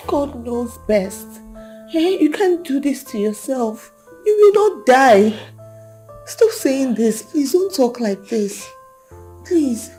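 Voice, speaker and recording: A woman's voice: fairly high pitch, sing-song, unhurried, long pauses, warm tone, faint music behind. A young woman with a Nigerian accent playing a widow who comforts and pleads with her mother-in-law in a film drama. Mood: pleading. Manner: soothing, pleading.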